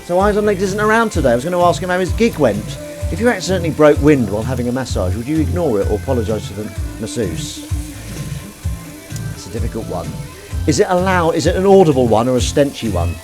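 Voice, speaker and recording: A jokey man rambles through stories with a lively, bouncing pitch. He talks casually and often laughs at his own jokes. Faint music plays behind him as water runs. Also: fast talker. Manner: chatty, jokey, self-mocking, rambling. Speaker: livestream host. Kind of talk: casual chat while washing up.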